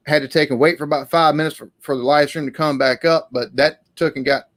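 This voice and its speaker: A man's voice: fairly high pitch, steady tone, fairly quick, fairly bright tone, no room sound. A man hosting a casual live-stream Q&A, talking in a rambling, hesitant way with many restarts.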